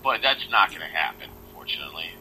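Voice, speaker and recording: A man's voice: sits low, expressive, fast, pushed and bright, a little hiss or hum, rough recording. A man co-hosting a casual wrestling podcast, talking bluntly and swearing now and then. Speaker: podcast co-host. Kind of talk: casual chat.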